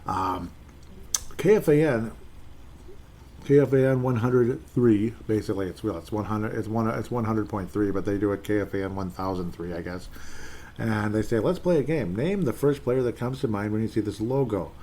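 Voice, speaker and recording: Rambling low-voiced man hosting a podcast. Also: moderate pace, warm tone. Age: 40s. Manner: rambling, chatty, frequent self-corrections. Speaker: podcast host. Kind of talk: solo sports podcast, reading listener messages. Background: faint background noise.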